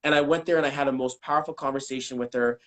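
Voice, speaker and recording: A man speaking as a numerology coach in a casual live-stream interview, talking in an animated way, cursing and acting out what people said. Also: medium pitch, very fast, rough recording. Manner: animated, swears, acts out quotes. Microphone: video call.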